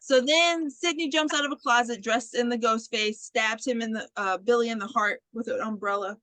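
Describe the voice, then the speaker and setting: A woman co-hosting a podcast in casual chat, retelling a movie with lively storytelling, acting out lines and swearing casually. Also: fairly high pitch, moderate pace, low-quality recording. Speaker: podcast co-host.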